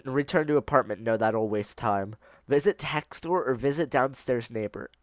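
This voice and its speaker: Man reading a text game aloud, excitable and self-mocking, mid-pitched, dry close sound. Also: moderate pace, no echo. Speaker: YouTuber playing a text adventure.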